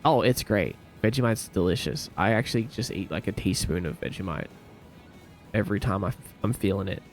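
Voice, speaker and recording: A man's voice: on the low side, brisk, soft background music. A man from Australia with an Australian accent, chatting casually on a livestream, laid-back and laughing often as he repeats words aloud. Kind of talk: casual chat reading viewer comments.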